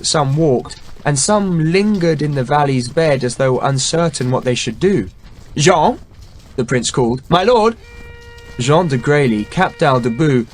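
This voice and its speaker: A man reading a historical novel aloud in measured, dramatic audiobook narration. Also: mid-range voice. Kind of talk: scripted narration. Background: faint background music.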